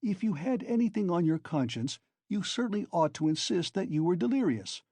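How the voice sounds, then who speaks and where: A man's voice: high voice, expressive, brisk, darkish tone, dry recording, pitched above the performer's own voice. A man voicing a sly, genial male investigator who talks in a fussy, insinuating way. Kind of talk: audiobook character reading.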